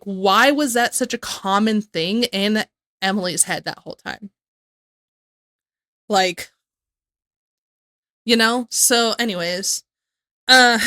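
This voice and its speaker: A woman's voice: mid-range voice, pushed and bright, no echo. A woman hosting a reaction video, chatting in a rambling way and laughing often. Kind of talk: casual reaction commentary.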